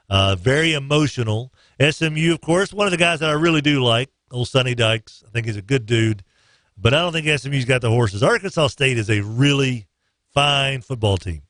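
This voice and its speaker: A man's voice: medium pitch, fairly bright tone, no echo, studio quality. A man hosting a morning sports radio show, making picks in a loose, joking way. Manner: loose, joking, sings snatches of songs. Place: radio studio.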